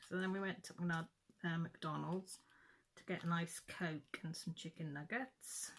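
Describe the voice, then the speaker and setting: A middle-aged woman with a fairly low voice, chatting away to her viewers. She tells her story in a loose, rambling way, often restarting and correcting herself mid-sentence. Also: fairly even intonation, unhurried, fairly bright tone. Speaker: craft vlogger. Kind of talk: casual chat, storytelling.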